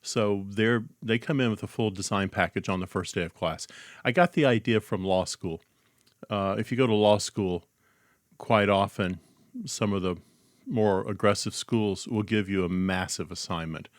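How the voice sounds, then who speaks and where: A man co-hosting a podcast, talking casually about his teaching and reading out a mock-formal comic announcement in a deliberate way. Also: fairly low pitch, no room sound, studio quality.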